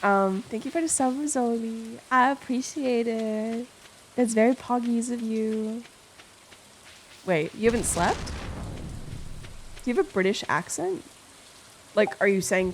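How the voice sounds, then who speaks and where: A woman's voice: medium pitch, a little slow, pauses often, a little hiss or hum. A young woman streamer chatting casually with her chat, playful and rambling, swearing freely and reading messages aloud.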